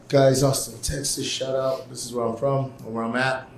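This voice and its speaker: A man's voice: medium pitch, steady tone, a little fast, vocal fry, hardly any pauses, slight background noise. A man from Puerto Rico hosting a casual live stream, chatty and rambling as he jumps between topics. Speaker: host. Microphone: phone or camera mic on a live stream.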